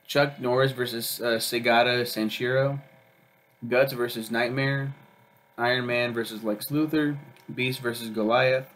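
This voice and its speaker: A man's voice: mid-range voice, fairly even intonation, a little slow, fairly bright tone. A young man chatting casually as he reviews a show, rambling with lots of ums and uhs and swearing freely. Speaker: video reviewer. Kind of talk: casual chat.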